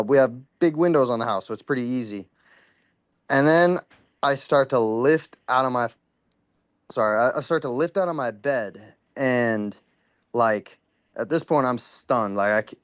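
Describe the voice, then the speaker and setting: Brief: male caller, mid-pitched, smooth tone, casual rambling storyteller, a bit shaken. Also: no room sound. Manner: rambling, full of "like" and "you know," swears freely. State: a little worked up. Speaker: caller sharing a paranormal experience.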